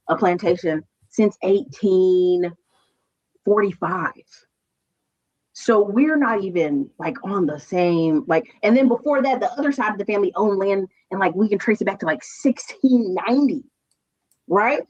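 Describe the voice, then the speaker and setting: A woman chatting casually on a stream, telling stories with quick asides. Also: medium pitch, lo-fi sound. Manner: animated storytelling, quick asides. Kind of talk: casual chat.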